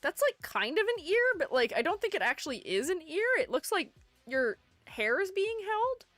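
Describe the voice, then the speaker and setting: A woman with a fairly high voice that swoops around animatedly, chatting casually on a livestream. She reads her viewers' messages aloud and answers them in a playful, chatty way. The sound is close and dry, with faint music underneath. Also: very animated, moderate pace, fairly bright tone, no room sound. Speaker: streamer ranking game character designs.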